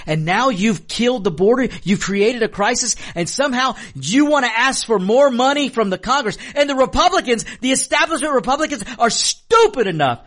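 A man's voice: very high voice, lively intonation, moderate pace, few pauses, fairly bright tone. A man hosting a political commentary show, delivering an emphatic opinion monologue, passionate and repeating lines for stress. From Mexican American.

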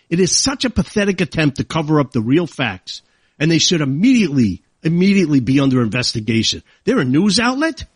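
A man's voice: on the high side, breathy edge, no room sound. A man hosting a talk radio show, delivering an indignant, heated monologue that keeps rising into outbursts.

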